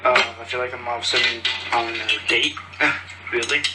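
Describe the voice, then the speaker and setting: A cheerful, chatty man hosts a podcast, rambling casually and losing his train of thought, in a medium-pitched, steady voice at a moderate pace. The rough phone recording has a distant mic, loud music behind him, and loudly clattering cutlery, dishes and pots.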